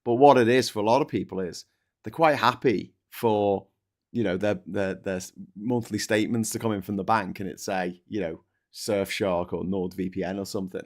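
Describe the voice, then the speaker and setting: A man's voice: fairly low pitch, steady tone, normal speed. A man hosting a casual political chat show, sarcastic and sweary, slipping into mocking voices. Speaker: podcast host.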